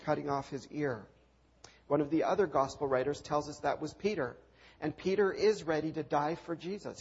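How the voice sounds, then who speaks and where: Gravelly-voiced male preacher, dull recording. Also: fairly high pitch. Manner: dramatic retelling with rhetorical questions and repeated refrains. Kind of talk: sermon.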